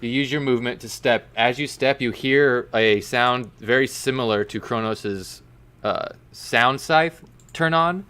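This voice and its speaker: A man's voice: medium pitch, measured pace, bright, forceful tone, clean tone. A man running a tabletop game as dungeon master, explaining rules and calling out dice rolls.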